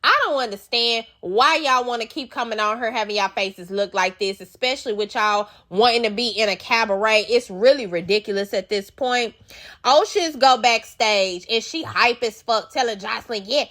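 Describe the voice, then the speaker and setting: A woman's voice: a little high, pushed and bright. A woman hosting a casual reality TV recap, talking bluntly with heavy profanity and scolding the cast with sassy asides. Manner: sassy, drawn-out asides to the viewer.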